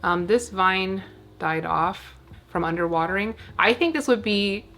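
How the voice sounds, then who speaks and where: A woman's voice: mid-range voice, unhurried, fairly bright tone. A woman chatting casually at home while tending her plants, rambling along with plenty of fillers. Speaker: plant vlogger.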